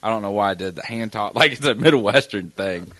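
A man's voice: lowish voice, lively intonation, fairly quick, a bit bright, no room sound. A young man co-hosting a podcast, chatting in a laid-back, joking way and swearing casually. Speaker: podcast co-host. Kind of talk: casual chat.

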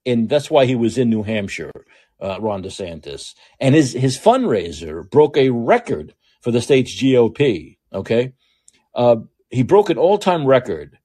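A man's voice: medium pitch, darkish tone, husky, no echo, clean studio sound. A male host giving blunt, profane political commentary in a ranting way, with frequent restarts.

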